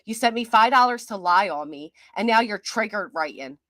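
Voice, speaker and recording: A woman's voice: medium pitch, animated, fairly bright tone. A middle-aged woman talks back to her viewers' comments, sarcastic and defiant, and breaks into laughter often. Her voice sits in a middle register. It is recorded close up in a dry space with no echo. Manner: mocking, defiant, quick to laugh. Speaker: commentary channel host. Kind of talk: livestream reading and answering viewer comments.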